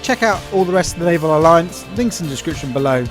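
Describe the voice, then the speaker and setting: A man giving excitable play-by-play commentary over a naval battle game replay, cheering his teammate on and talking to viewers as folks. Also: fairly high pitch, fast, faint music behind. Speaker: gaming channel host.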